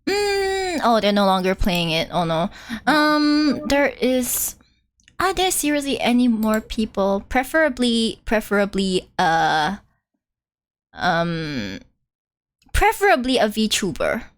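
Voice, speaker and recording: A woman's voice: on the high side, sing-song, slow. A woman game streamer chatting casually during a live playthrough, giggly and full of fillers. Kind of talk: casual live-stream chat over gameplay.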